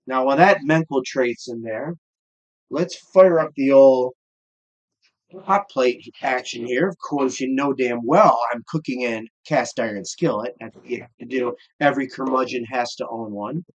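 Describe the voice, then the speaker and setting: A middle-aged man with a Midwestern American accent, hosting a casual cooking show as a gruff, profane curmudgeon. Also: medium pitch, lo-fi sound.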